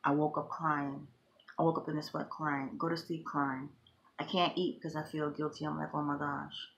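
A woman's voice: deep voice, flat delivery, normal speed, lo-fi sound. A middle-aged woman vlogging emotionally, talking in an impassioned, repetitive, grieving way. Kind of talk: emotional personal vlog.

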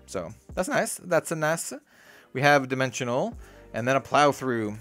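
A young man hosting a card-opening video in a small hot room, rambling and excitable, talking about being sweaty and needing to calm down. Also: mid-range voice, moderate pace, faint music behind. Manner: excitable, rambling, lots of "dude" and "like". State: sweaty and worked up. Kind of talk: casual case-opening commentary.

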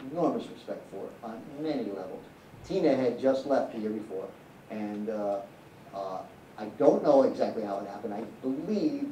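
A man answers audience questions in an echoey cinema hall, his voice mellow and warm. He rambles through candid anecdotes, restarting often, and the mic sits a bit away from him with faint hiss underneath. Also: mid-range voice, far from the mic. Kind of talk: live Q&A answers.

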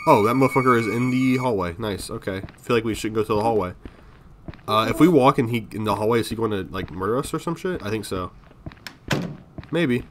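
A man's voice: lowish voice, fairly quick, noisy background. A man giving casual commentary on a horror game, jumpy and swearing, talking to himself and his viewers. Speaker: gaming video creator.

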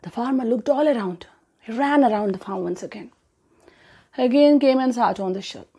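Brief: woman storyteller reading a fable to children, warm dark tone, breathy. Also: a little high, normal speed. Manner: expressive with sound effects.

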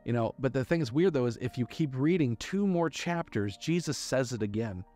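Male pastor, mid-pitched, emphatic sermon delivery, leans on repeated words, faint music underneath. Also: lively intonation, moderate pace, darkish tone. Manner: emphatic, repeats key words, reads scripture aloud.

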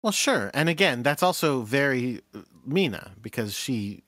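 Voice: medium pitch, sing-song, normal speed, a bit bright, dry recording. A podcast co-host retelling the plot of a cartoon episode in a casual chat and laughing readily.

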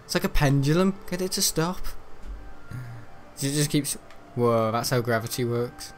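A man's voice: medium pitch, expressive, moderate pace, faint music behind. A teenage young man giving rambling, chatty let's-play commentary while he plays, often laughing. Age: teens. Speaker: gaming video host.

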